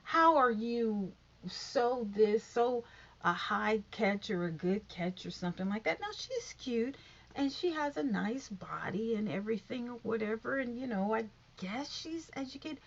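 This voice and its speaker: A woman's voice: fairly high pitch, lively intonation, measured pace, creaky, slight background noise. A woman vlogger giving a sassy, repetitive commentary rant about an interview she watched, calling the viewer honey and girl. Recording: muffled lo-fi sound.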